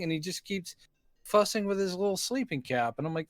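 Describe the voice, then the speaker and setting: A man's voice: on the high side, lively intonation, fairly quick, no room sound, clean studio sound. A man co-hosting a casual podcast, ranting in disbelief about a film's silly scenes. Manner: incredulous, exasperated ranting. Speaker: podcast co-host. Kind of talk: casual movie-recap chat.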